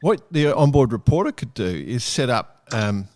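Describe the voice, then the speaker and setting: A man hosting a sailing podcast, joking and pitching playful ideas in a casual chat. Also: sing-song, normal speed, a little mellow. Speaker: podcast host.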